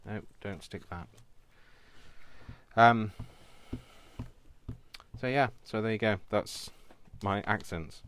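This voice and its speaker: A man's voice: fairly low pitch, slow pace, long pauses, a bit bright, slight background noise. A man with a British accent chatting casually and rambling while he crafts at home, laughing often. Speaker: craft video host.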